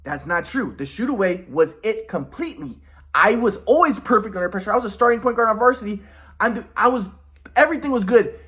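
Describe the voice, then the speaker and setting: A man's voice: high voice, animated, brisk, fairly bright tone. A man in a rambling personal monologue who sounds aggrieved, often restarts his sentences, and swears. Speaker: vlogger.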